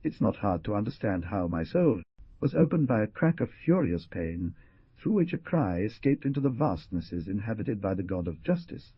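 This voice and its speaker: A man narrating an audiobook in a dramatic, expressive reading. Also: fairly low pitch, normal speed, breathy edge, no room sound. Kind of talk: scripted narration. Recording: dull lo-fi dry recording.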